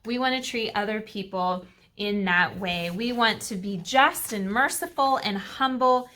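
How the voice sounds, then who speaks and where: A woman's voice: mid-range voice, a little slow, pushed and bright. A woman teaching a Sabbath school lesson to kids, retelling a Bible story in a chatty way with fillers and asides.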